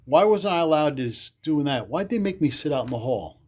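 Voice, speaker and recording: A man, a podcast guest telling loud, animated stories in casual chat, cursing freely and acting out the people he quotes. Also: a little high, a little fast, breathy edge. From the Bronx, New York. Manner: animated, swears freely, acts out quotes loudly. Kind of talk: casual storytelling.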